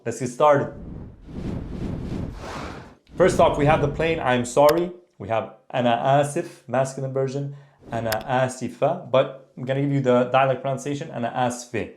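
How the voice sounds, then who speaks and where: A man's voice: mid-range voice, background noise. Man teaching Arabic in an echoey room. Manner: relaxed explaining, repeating phrases, frequent "okay?" and "tamam?". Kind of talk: language lesson.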